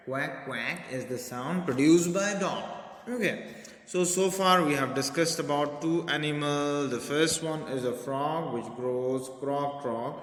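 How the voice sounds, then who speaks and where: A man's voice: medium pitch, unhurried. A man teaching a poem to a class, explaining simply and repeating key words. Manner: explains simply, repeats words, says okay and right often. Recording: roomy echo with long reverb.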